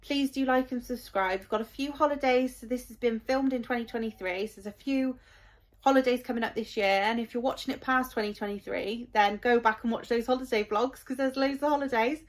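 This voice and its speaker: A woman in her thirties talks straight to camera in a casual vlog. She is heartfelt and rambling, full of ums and likes, and her voice sits a little high. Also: a little fast. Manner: emotional, heartfelt, rambling with many fillers. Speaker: parent vlogger.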